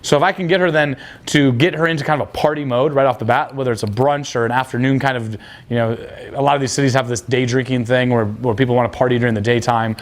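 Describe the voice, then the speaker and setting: A man's voice: medium pitch, steady tone, fast talker. A young man coaching on dating, blunt and crude, acting out quoted dialogue. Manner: blunt, casual, crude slang. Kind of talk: coaching talk.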